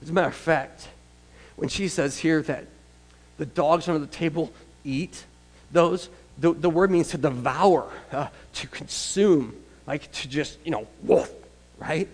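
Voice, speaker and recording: A man's voice: fairly high pitch, measured pace, darkish tone. Man preaching in a reverberant hall. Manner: conversational storytelling with asides. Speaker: pastor. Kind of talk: sermon. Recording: long reverb of a large hall.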